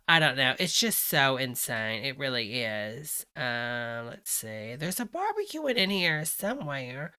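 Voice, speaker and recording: A woman's voice: low voice, expressive, unhurried, bright, forceful tone. A woman hosting a reaction video, talking in a gossipy, chatty way and exclaiming over the news. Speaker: host.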